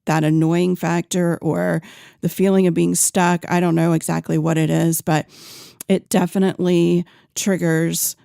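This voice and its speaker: A woman host talks slowly and earnestly on her own podcast, her voice low-pitched with a gravelly edge. The sound is dry and close, with a mellow, dark tone. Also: flat delivery, no echo. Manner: earnest, unhurried, with fillers and restarts. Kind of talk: solo podcast talk.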